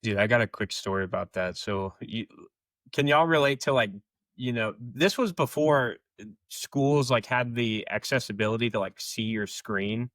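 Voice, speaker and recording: A man's voice: mid-range voice, moderate pace, fairly bright tone, no room sound. A young man co-hosting a podcast, telling casual, rambling stories full of fillers. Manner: rambling, filler-heavy storytelling. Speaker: podcast co-host. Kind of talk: casual storytelling chat.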